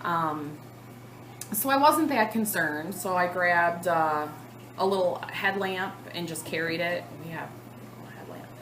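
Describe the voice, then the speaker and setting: Chatty woman with a bright, echoey voice. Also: fairly low pitch, a little slow, a little hiss or hum. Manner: animated, chatty, lots of fillers. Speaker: cross-stitch vlogger. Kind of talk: casual storytelling to camera.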